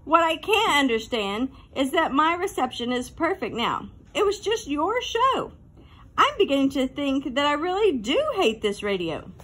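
A woman's voice: high voice, sing-song, normal speed, fairly bright tone. A woman doing an exasperated schoolteacher.

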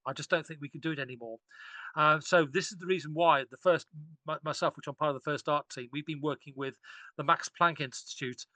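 A man's voice: fairly high pitch, steady tone, brisk, sharp tone, no echo. A man, an archaeologist guest on a podcast, talking enthusiastically and rambling with frequent restarts. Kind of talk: casual podcast discussion.

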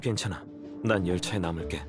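A man voicing a quiet, reserved young man in a game, speaking in a subdued, low-key way. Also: rapid-fire, natural voice. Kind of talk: game voice acting. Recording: game audio over background music.

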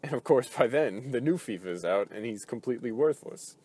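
A man's voice: medium pitch, expressive, fairly quick, warm tone, slightly rough. Profane, frustrated man ranting casually. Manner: frustrated, profane, rambling with many fillers. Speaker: gaming video host.

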